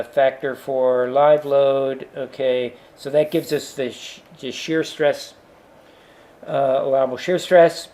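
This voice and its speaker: A man talks through a calculation step by step in a slow, unhurried way. His pitch sits in the middle range, and he pauses often with fillers as he works things out aloud. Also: a little mellow. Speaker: engineering instructor. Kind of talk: worked example lecture.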